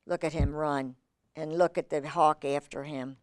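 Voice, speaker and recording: A woman reading a picture book aloud to children, animated and exclamatory with chatty asides. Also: low voice, measured pace, no room sound, studio quality. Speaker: children's storyteller.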